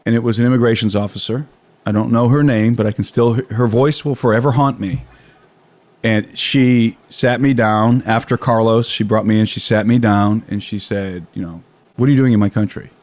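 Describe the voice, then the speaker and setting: A man's voice: fairly low pitch, fairly even intonation, normal speed, a little mellow, no room sound. An American man telling a long personal story in casual conversation, with frequent restarts and repeated words. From United States.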